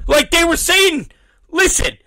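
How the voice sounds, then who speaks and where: Animated high-voiced profane male host. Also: a little slow, no room sound, rough recording. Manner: profane, acts out quoted voices. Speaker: podcast host. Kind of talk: animated storytelling rant.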